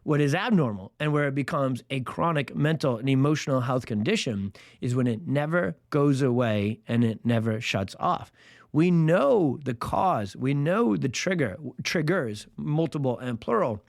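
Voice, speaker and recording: A man's voice: on the high side, no echo, clean studio sound. A man hosting a podcast, talking alone about a health topic in an emphatic, casual way and stacking repeated phrases for emphasis. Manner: casual, folksy slang. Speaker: podcast host. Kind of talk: solo podcast monologue explaining a health topic. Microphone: podcast microphone.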